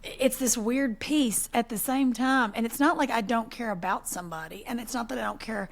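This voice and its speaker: A woman in her forties co-hosting a podcast, telling animated stories in casual chat and laughing often. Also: a little high, moderate pace. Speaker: podcast co-host.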